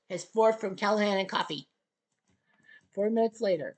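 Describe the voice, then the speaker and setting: A woman giving play-by-play commentary on a table hockey game, with excited goal calls and sarcastic asides to the viewers. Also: mid-range voice, a little fast, very noisy.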